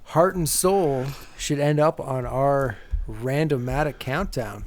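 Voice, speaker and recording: A man's voice: mid-range voice, slow pace, slight background noise. A man co-hosting a podcast, chatting casually about songs in an easygoing way and laughing readily. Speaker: podcast co-host. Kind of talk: casual music chat.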